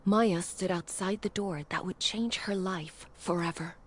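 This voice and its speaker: American woman narrating an audiobook. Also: fairly low pitch. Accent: General American. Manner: measured, expressive storytelling.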